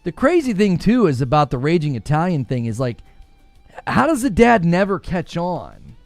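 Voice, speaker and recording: A man's voice: a little high, very animated, moderate pace, darkish tone, no room sound, soft background music. A man hosting a gaming podcast in casual chat, rambling with many fillers and laughing easily. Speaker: gaming news podcast host.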